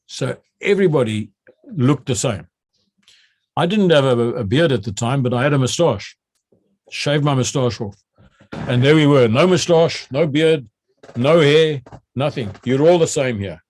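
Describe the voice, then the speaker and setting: An older man from South Africa, a retired general telling stories from his military training, often repeating words as he starts and acting out shouted drill calls. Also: mid-range voice, expressive, a little slow, long pauses, no echo, studio quality. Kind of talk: recounting memories.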